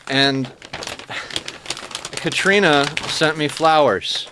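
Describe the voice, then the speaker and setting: A man's voice: a little high, very slow, noisy background. A man streaming a game, chatting casually with his viewers in a heartfelt, emotional way. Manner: heartfelt, soft-spoken, emotional.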